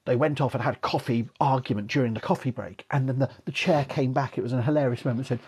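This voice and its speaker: Husky middle-aged man, rambling live chat. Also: medium pitch, fast talker, darkish tone. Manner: rambling, sweary, chatty, many asides and "you know"s. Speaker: archaeologist host of a live Q&A. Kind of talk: casual live-stream Q&A chat.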